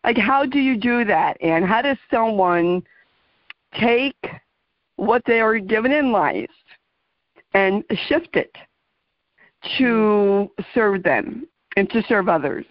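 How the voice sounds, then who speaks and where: A woman's voice: mid-range voice, animated, slow pace, pauses often, no room sound. A woman host with a New Jersey accent, interviewing a guest in an enthusiastic way with frequent "uh" fillers. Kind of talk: interview conversation. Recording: dry muffled lo-fi audio.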